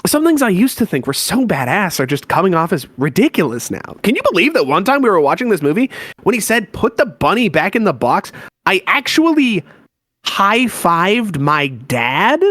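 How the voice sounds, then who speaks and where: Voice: mid-range voice, big pitch swings, moderate pace, a bit bright, dry recording, clean studio sound. A voice actor playing a disillusioned teenage boy who rants sarcastically and with exasperation in a fan-made comic reading. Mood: ranting.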